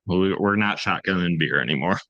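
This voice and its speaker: Low-voiced man in his thirties. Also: brisk, a bit bright, no echo, muffled recording. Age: 30s. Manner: rambling, self-deprecating, acts out quoted dialogue. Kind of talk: casual storytelling chat.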